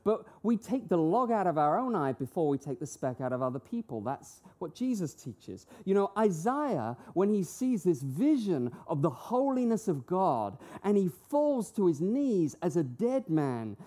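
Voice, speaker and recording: A woman delivers a sermon in a warm, mellow, fairly low voice. Her pitch rises and falls with animated emphasis as she fires off rhetorical questions and acts out short quotes. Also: measured pace, few pauses. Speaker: preacher.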